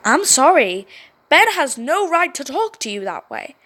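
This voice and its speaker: A woman's voice: high-pitched, very animated, measured pace, a bit bright, heavily acted. A woman reading a kind, worried teenage boy teammate in a story game, in an earnest voice. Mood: sympathetic. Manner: anxious, earnest.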